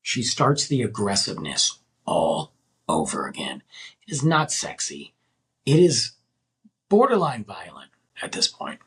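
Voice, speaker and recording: A man's voice: on the low side, measured pace, long pauses, breathy edge. A man hosting a podcast, telling a story in a chatty, casual way and talking straight to his listeners. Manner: animated, chatty, addresses listeners as guys. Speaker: podcast host.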